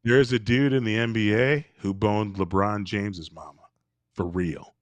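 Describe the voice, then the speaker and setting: A man co-hosting a podcast, provoking his friends with deadpan needling in casual comedic banter. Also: lowish voice, normal speed, no room sound. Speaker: podcast co-host.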